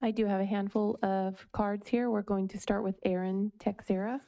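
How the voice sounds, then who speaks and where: A woman's voice: mid-range voice, flat delivery, moderate pace, warm tone. A woman acting as meeting clerk, calling speakers and reading comment cards into the record in a plain, businesslike way.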